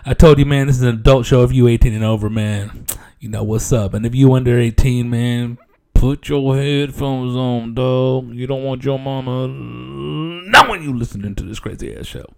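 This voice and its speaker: A man's voice: mid-range voice, moderate pace, creaky, clean tone. A middle-aged man hosting a comedy podcast, rambling casually in slang and profanity and laughing often.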